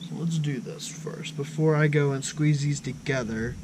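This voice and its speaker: A man's voice: a little high, moderate pace, noisy background. Self-mocking man tinkering outdoors. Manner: chatty, self-mocking, thinks aloud to viewers. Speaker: motorbike build vlogger. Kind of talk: casual talk while working on a scooter. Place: outdoors in hot weather.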